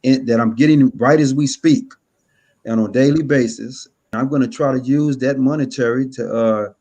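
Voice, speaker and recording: Male guest from California, mid-pitched, earnest, halting delivery. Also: warm tone. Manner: hesitant, many "uh" fillers, earnest.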